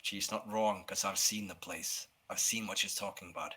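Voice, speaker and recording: A man playing his character in a tabletop role-play, speaking calmly and steadily. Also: low voice, normal speed, husky. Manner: calm, steady, in-character talk. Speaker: player.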